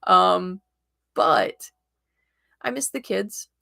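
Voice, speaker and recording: A woman's voice: on the low side, big pitch swings, drawn-out words, gravelly, sharp tone, no echo, clean studio sound. A middle-aged woman from Florida, a tarot reader chatting casually on her livestream and laughing often.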